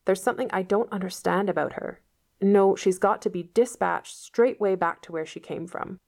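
A woman reading the part of a stern, sharp-tongued middle-aged spinster who speaks curtly and scolds. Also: mid-range voice, moderate pace, creaky. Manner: curt, wrathful, scolding.

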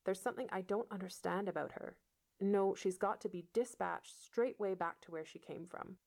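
A woman voicing a stern, sharp-tongued older spinster who speaks in a brisk, scolding way. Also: medium pitch, creaky, lightly acted.

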